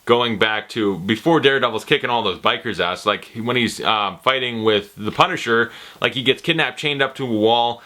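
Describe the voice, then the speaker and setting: Excitable, profane man with a bright voice. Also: mid-range voice, moderate pace, hardly any pauses. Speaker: TV series reviewer. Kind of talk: casual spoken review.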